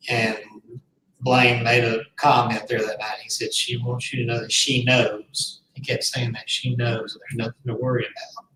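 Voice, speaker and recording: A man's voice: medium pitch, flat delivery, moderate pace, few pauses, background noise. Man, earnest rambling storyteller, roomy room, mic at a distance. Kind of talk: casual storytelling.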